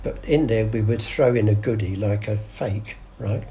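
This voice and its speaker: A man's voice: on the low side, normal speed, warm tone, slight background noise. An older man, telling stories in a casual interview and acting out the voices of people in them. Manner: chatty yarn-spinner acting out voices, many restarts. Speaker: guest storyteller.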